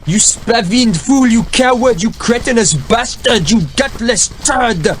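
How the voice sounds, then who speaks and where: A man's voice: expressive, unhurried, slight background noise. A man voicing a furious bellowing medieval king. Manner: bellowing commands, raising pitch sharply. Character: enraged medieval French king, proud and hot-tempered.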